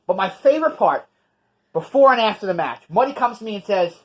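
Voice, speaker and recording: A man's voice: sits high, a little fast. Brash New York man telling stories. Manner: brash, profane, animated storytelling. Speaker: podcast co-host, wrestler. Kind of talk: casual storytelling chat.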